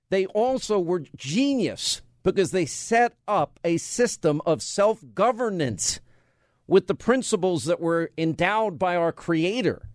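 A man's voice: sits high, dry recording. A man hosting a talk radio show, firing off rhetorical questions and bantering with his studio crew. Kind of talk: conservative talk radio monologue. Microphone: studio mic.

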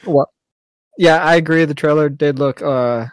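A man's voice: on the high side, dry recording, studio quality. Joking male podcast co-host. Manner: playful, joking, quick laughs. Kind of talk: casual chat.

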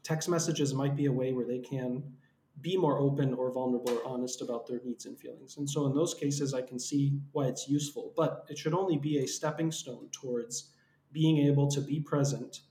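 A man hosting a podcast, talking in a measured, reflective way with occasional filler words. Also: medium pitch, fairly even intonation, warm tone, a little hiss or hum. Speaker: podcast host. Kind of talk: conversational podcast discussion. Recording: roomy echo.

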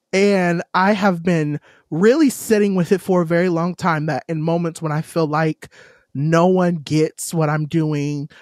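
A woman's voice: fairly low pitch, darkish tone, no echo, clean studio sound. A woman co-hosting a podcast in casual chat, heartfelt and effusive, given to laughing. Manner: emotional, effusive. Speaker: podcast co-host.

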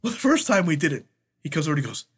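A man telling wrestling road stories on a casual podcast, swearing freely and mimicking the people in them. His husky voice sits a little high, and his pitch swings widely. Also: very fast. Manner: profane, animated storyteller who imitates others. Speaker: podcast co-host, former wrestler. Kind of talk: casual storytelling chat.

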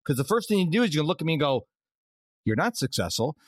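A middle-aged man hosts a podcast in casual conversation. His voice sits fairly high and moves a lot as he acts out the people in his stories. The sound is close and dry. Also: rapid-fire, dry recording. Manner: animated storyteller who acts out quoted dialogue. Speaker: podcast host.

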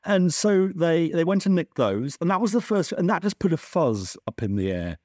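A man, a science journalist, explaining history in a conversational podcast interview with lively swings in his delivery and frequent restarts. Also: normal speed, no room sound, studio quality. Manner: animated storyteller, lively pitch swings, self-correcting restarts. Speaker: science journalist and author, guest.

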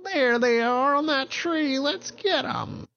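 A man voicing a wicked witch with a shrieking, drawn-out, very high voice. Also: lively intonation, vocal fry, sharp tone, lo-fi sound, heavily acted. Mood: gleeful. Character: cackling shrill witch.

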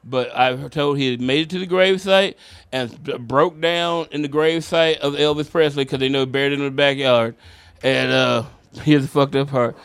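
A man's voice: mid-range voice, normal speed, smooth, no echo. A middle-aged man, a stand-up comedian, telling a wild story in casual chat, swearing and laughing as he goes. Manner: animated, profane, laughs through his stories.

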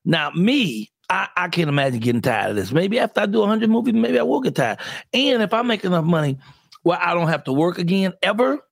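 Laid-back host guy with a gravelly voice, pretty dry recording, chatty. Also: high-pitched, expressive, brisk, dry recording. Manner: folksy, laid-back, slangy. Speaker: podcast host. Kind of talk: casual interview chat.

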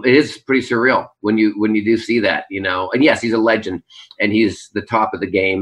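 A man's voice: on the low side, pushed and bright, rough recording. A man from Canada, a stage entertainer, reflecting earnestly in a rambling interview answer from his kitchen. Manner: rambling, earnest, many fillers. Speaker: Las Vegas Strip entertainer, guest. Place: home kitchen.

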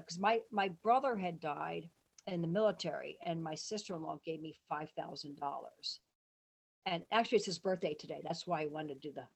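A woman talking in a casual interview, her voice husky and a little low. She rambles through stories, jumping up in pitch when she acts out what other people said. The whole thing sounds like loose, excited storytelling. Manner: rambling, animated, quotes people in lively voices. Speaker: interview guest, musician.

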